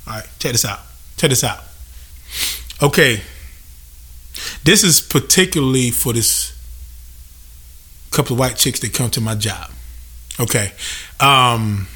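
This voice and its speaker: A man's voice: mid-range voice, fairly bright tone. A young man hosting a podcast, venting in a profane, emphatic comedic rant and mimicking customers. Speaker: podcast host.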